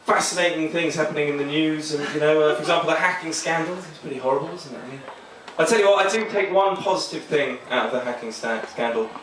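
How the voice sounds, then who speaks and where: A man performs a rambling, self-deprecating stand-up set with a deadpan touch. His voice sits slightly high and reaches the mic from some distance. Heavy echo and steady noise fill the small club. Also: fast, few pauses. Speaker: stand-up comedian. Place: small comedy club stage. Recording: echoey club, mic heard from far, noisy.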